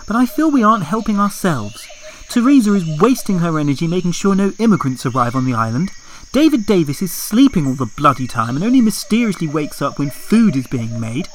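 A man's voice: fairly high pitch, sing-song, fairly quick, a little hiss or hum, low-quality recording. A man voicing a weary, fed-up woman politician stranded on an island, complaining and swearing.

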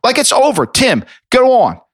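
A man's voice: extremely high pitch, wildly swooping pitch, moderate pace, slightly rough, dry recording, clean studio sound. A man co-hosting a sports podcast, ranting with exasperation and swearing freely. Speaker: podcast co-host. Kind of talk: heated sports opinion talk.

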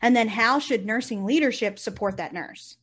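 A woman, a nurse and company founder, talking casually in an interview and telling stories with lively, acted-out quotes. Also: a little high, normal speed. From United States. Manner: animated storyteller, acts out quotes, swears casually.

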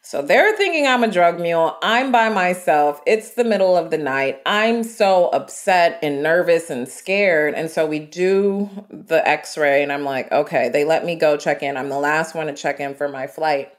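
Female guest, American, deep-set voice, lively storyteller. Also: measured pace, few pauses. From United States. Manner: vivid, animated storytelling with quoted asides. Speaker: guest traveler. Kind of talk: storytelling interview.

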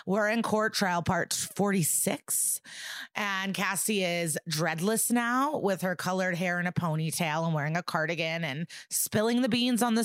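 A woman's voice: lowish voice, no echo, studio quality. A woman co-hosting a podcast, recapping a TV episode in a breezy, jokey, profane way. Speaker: podcast co-host. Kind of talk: casual comedic episode recap.

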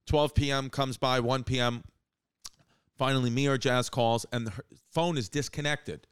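A man hosting a casual chat, telling stories in an animated way and acting out what people said. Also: medium pitch, normal speed, clear, resonant tone, no echo. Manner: animated, acts out quotes.

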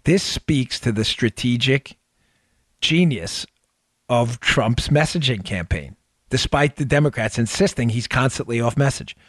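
A man's voice: mid-range voice, lively intonation, unhurried, dry recording, studio quality. A man hosting a podcast, giving emphatic, sarcastic political commentary and repeating phrases for effect. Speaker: podcast host.

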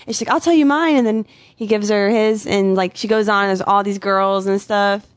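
A woman's voice: mid-range voice, little pitch movement, normal speed, clear, resonant tone, dry recording. A young woman chatting casually in a studio, giggly and saying "like" a lot. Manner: giggly, chatty, uses "like" and "y'all".

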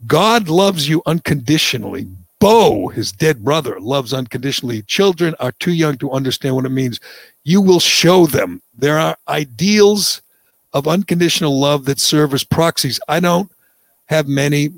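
A man's voice: fairly high pitch, lively intonation, moderate pace, vocal fry, no room sound. A man hosting a political talk show, delivering mocking, scornful commentary.

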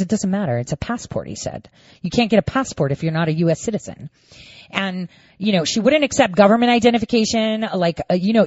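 A woman in casual monologue, talking straight to her viewers, jumping between voices as she acts out each side of the conversation. Her delivery is indignant and animated. The recording is dry and a little dull, with no room sound. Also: mid-range voice, no echo. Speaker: storyteller recounting a voting dispute.

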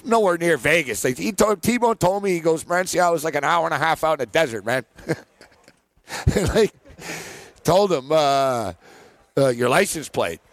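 A man's voice: a little high, expressive, moderate pace, no room sound. A man co-hosting a sports betting show, telling rambling stories full of fillers and laughs in a casual chat.

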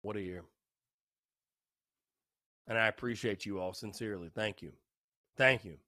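A man's voice: on the low side, normal speed, sharp tone, no room sound, studio quality. A young man hosting a casual solo podcast, tipsy, rambling and repeating himself. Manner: rambling, repetitive, loose and tipsy. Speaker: podcast host.

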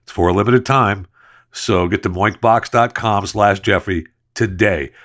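A podcast host with a fairly low, fairly bright voice keeps a measured pace while joking through a host-read ad with playful asides, then settles into casual sports talk.

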